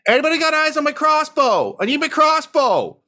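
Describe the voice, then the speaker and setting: A man putting on a frantic high-voiced adventurer. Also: sing-song, brisk, sharp tone, full character voice.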